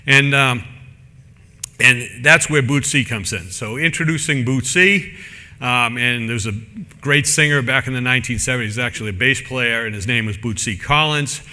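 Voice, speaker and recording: A man's voice: mid-range voice, moderate pace, sharp tone, in a large hall. A man giving a technical conference talk in a casual, rambling way, full of fillers and restarts. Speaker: conference speaker. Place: conference room.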